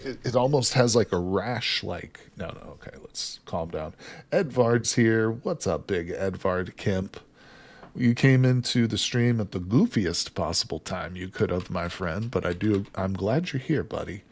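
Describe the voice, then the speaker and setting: A male game streamer with a somewhat low voice. He chats casually with his viewers, reads their comments aloud, and keeps breaking into laughter at his own jokes. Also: measured pace. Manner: jokey, laughs often, reads chat aloud. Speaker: livestreamer. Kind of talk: casual livestream chat while gaming.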